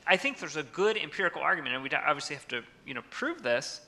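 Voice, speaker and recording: Gravelly man making an academic point. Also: fairly high pitch, very animated, quick pace, sharp tone. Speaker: panelist. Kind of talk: academic panel discussion.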